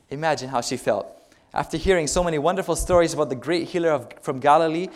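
Storytelling male preacher, slightly high voice. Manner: conversational storytelling with rhetorical questions. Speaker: pastor. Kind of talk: sermon.

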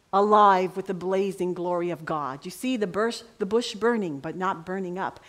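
A middle-aged woman preaching a sermon with passion, dropping to a hush and rising to ringing cries. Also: medium pitch. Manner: impassioned, swings from hushed to ringing cries.

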